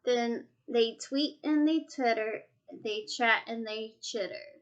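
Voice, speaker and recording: Woman storyteller, rhyming read-aloud, slow and higher-pitched. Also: dull audio. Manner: slow, rhythmic, rhyming delivery. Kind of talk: reading a picture book aloud.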